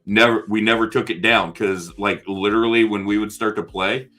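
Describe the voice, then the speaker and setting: A man's voice: on the low side, fairly even intonation, normal speed, bright, forceful tone, soft background music. A man co-hosting a casual chat show, telling rambling stories with lots of restarts. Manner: rambling, restarts and trails off, laughs at own stories. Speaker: podcast co-host.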